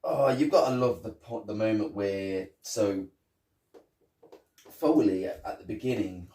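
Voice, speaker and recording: A man co-hosting a casual film review podcast, chatting loosely as he retells scenes. His voice sits low and mellow. The sound is roomy, with the mic some distance from him. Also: unhurried. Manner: retells scenes, acts out quotes. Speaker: podcast co-host.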